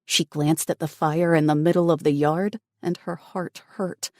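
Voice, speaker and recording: A woman narrating an audiobook in steady, even scripted narration. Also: low voice, unhurried, no room sound, clean studio sound.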